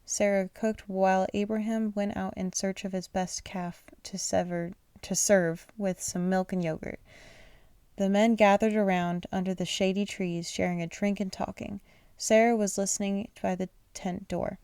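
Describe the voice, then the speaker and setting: A woman's voice: medium pitch, steady tone, moderate pace, clear, resonant tone, no echo. A woman reading a children's bedtime story aloud, sleepy and apologetic, stumbling over names and restarting lines. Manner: gentle, unpolished reading with restarts. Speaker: channel host reading aloud.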